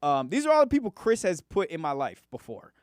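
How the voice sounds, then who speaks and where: A man's voice: fairly high pitch, huge pitch swings, brisk, no echo, clean studio sound. A man hosting a podcast, asking questions in loose, rambling casual chat with many fillers. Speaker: podcast host.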